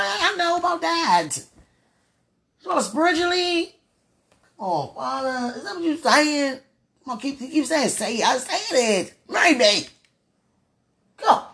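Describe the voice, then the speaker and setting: A woman's voice: sits high, fairly bright tone. A woman, praying aloud in a fervent, pleading, rambling way and laughing between phrases. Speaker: religious speaker. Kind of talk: emotional spoken prayer.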